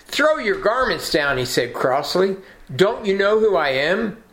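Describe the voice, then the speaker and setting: A man's voice: sits high, sing-song, a little slow, echoey room, pitched above the performer's own voice, exaggerated voice. A man voicing a puffed-up male donkey who is indignant and self-important, in a sermon story. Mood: haughty, cross. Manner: cross, self-important shouting.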